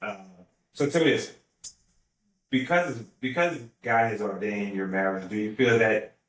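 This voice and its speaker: Male podcast host, supportive questioner, lower voice, distant roomy mic. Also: measured pace, a bit bright. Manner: affirming, asks reflective questions. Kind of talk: casual interview.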